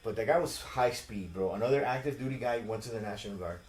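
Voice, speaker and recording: A man's voice: on the low side, quick pace, darkish tone, a little hiss or hum. Profane storytelling man in a roomy room. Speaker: podcast host. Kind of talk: casual chat. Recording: roomy echo.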